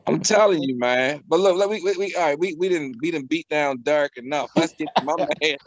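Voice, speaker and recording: Male talk show co-host, animated and profane, a bit high-pitched, on dull lo-fi video call audio. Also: a little fast, no room sound. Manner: animated, joking, profane, repeats himself. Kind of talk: casual panel debate.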